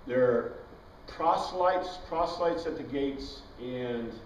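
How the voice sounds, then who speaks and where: A man's voice: medium pitch, takes it slowly, slight background noise. Chatty male teacher in an echoey room. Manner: chatty, tosses questions to the class, wanders into tangents. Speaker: Bible class teacher. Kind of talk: informal Bible lecture. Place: classroom with students. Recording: dull, echoey room recording from far off.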